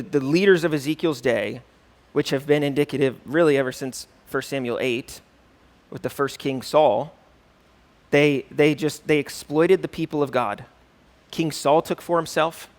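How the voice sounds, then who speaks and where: Guy pastor with a fairly high voice teaching a class, chatty, keeps saying right?, reads scripture with punch. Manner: conversational, keeps asking "right?"; reads scripture aloud with rising emphasis.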